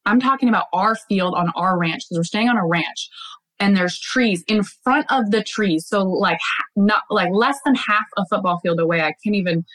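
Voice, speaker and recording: A woman's voice: mid-range voice, a bit bright, low-quality recording. A woman guest in casual conversation, telling a story animatedly with frequent laughs, fillers and restarts.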